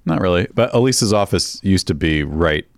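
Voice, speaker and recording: A man's voice: sits low, animated, moderate pace, no room sound, studio quality. A man in casual conversation, wry and amused, who laughs easily. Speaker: podcast co-host. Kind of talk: casual chat.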